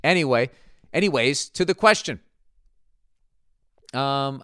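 Male podcast host, sarcastic and swearing, smooth clear voice, bone-dry sound. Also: mid-range voice, lively intonation, moderate pace, long pauses, a bit bright, no echo. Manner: profane, rambling, sarcastic. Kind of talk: casual comedic rant and ad read.

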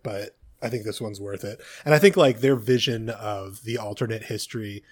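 A man's voice: fairly low pitch, brisk, hardly any pauses. A man co-hosting a podcast, chatting casually and eagerly about TV shows. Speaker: podcast co-host. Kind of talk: casual movie chat.

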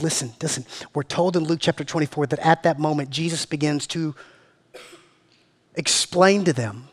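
A man preaching to his church in a casual, slangy way, swinging between loud and hushed. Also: fairly high pitch. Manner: slangy, calls listeners "man" and "family". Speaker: pastor. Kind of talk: sermon. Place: church meeting room.

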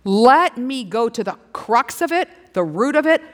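A middle-aged woman preaching a sermon, playful and animated, slipping into little acted-out dialogues. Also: on the high side, unhurried. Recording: long hall reverb.

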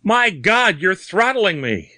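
Narrator putting on a panicked middle-aged bearded man, high strained pleading, gasping, dry close sound. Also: big pitch swings, slow, pushed and bright, dry recording, exaggerated voice. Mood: terrified.

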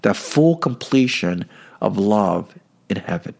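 Man teaching faith, chatty and lively. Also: on the low side, slow, creaky. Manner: conversational with many fillers like "you know" and "okay". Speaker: Catholic speaker.

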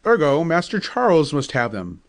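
A genial, well-mannered father who gently teases his stiff guest, as a storybook narrator puts him on. He speaks with polite calm and a light, dry wit. His tone is lively and lifts a little above the reader's own. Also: a little high, moderate pace. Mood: teasing. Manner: courteous, mildly teasing.

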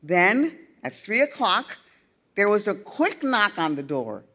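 A woman narrating a first-person story in a slow, deliberate storytelling manner. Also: medium pitch, very animated, a bit bright. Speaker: audiobook reader.

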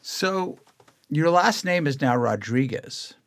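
A man's voice: a little high, lively intonation, takes it slowly. A man hosting a casual food interview, playful and joking as he asks questions. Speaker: podcast host.

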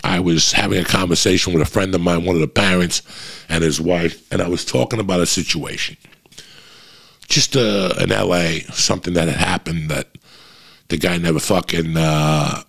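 Middle-aged man, very low and husky, casual foul-mouthed monologue. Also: fairly even intonation, normal speed, a bit bright. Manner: profane, rambling, frequent restarts.

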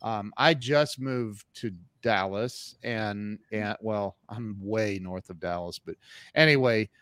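A man in his fifties hosting a casual interview, halting and restarting as he encourages his guest. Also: lowish voice, fairly bright tone, smooth, dry recording. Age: 50s. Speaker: podcast host.

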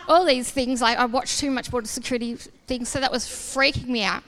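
A woman's voice: on the high side, a little fast. A woman giving a sermon testimony, a casual, self-deprecating storyteller who acts out the dialogue. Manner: lively storyteller acting out dialogue. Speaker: church speaker.

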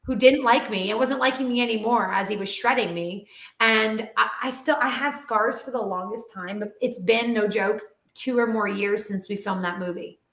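Bright-voiced chatty woman animal trainer. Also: fairly high pitch, moderate pace, creaky. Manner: animated, chatty, heavy use of "like". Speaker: dog and animal talent trainer. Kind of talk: casual interview storytelling. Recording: roomy echo.

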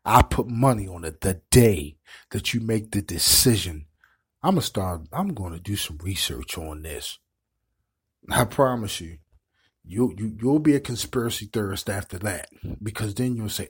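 With a lowish, husky voice and lively intonation, a middle-aged man hosts an online show at a moderate pace. His live-stream commentary is impassioned and preachy, with repeated words as his points build.

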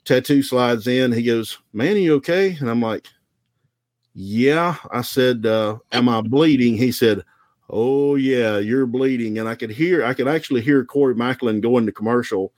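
A man from the American South, a former wrestler, telling stories in a relaxed, rambling, self-deprecating way. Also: mid-range voice, a little slow, no room sound. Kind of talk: casual storytelling.

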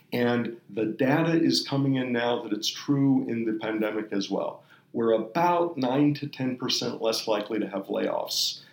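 A man hosting a podcast, telling earnest, emotional stories in a relaxed conversational way. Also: mid-range voice, vocal fry, roomy sound, low-quality recording. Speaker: podcast host. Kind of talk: conversational storytelling.

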